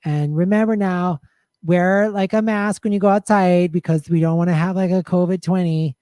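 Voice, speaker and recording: A man's voice: sits high, steady tone, moderate pace, mellow, clear, resonant tone, no echo, close to an everyday voice. A man voicing a ditzy, bubbly young woman influencer who fills every phrase with "like", in a comedy livestream bit. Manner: valley-girl talk, every phrase padded with "like".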